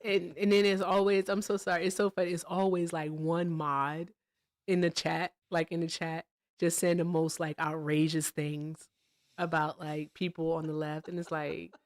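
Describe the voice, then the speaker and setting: Animated sarcastic woman livestream host. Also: lowish voice, moderate pace, no echo, studio quality. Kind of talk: casual livestream chat.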